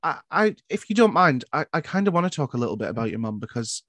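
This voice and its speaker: A young man, hosting a casual podcast chat and asking gentle questions with frequent restarts. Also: mid-range voice, very animated, fast talker, no echo. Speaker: podcast host.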